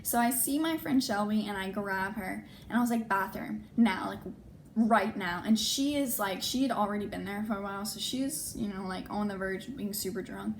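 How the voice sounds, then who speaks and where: A woman's voice: mid-range voice, fairly quick, hardly any pauses, slight background noise. A young adult woman vlogger telling a personal story in a casual way, acting out what people said and often saying "like". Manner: animated, acts out quoted dialogue, frequent "like".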